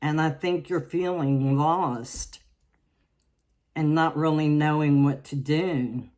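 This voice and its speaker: A woman from the South, giving a tarot reading in a slow, halting way with many restarts. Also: sits low, steady tone, darkish tone. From Southern United States. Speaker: tarot reader.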